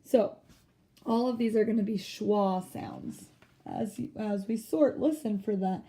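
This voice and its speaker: A woman teacher giving a phonics lesson, speaking slowly and stretching words out to show their sounds. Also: mid-range voice, dark tone.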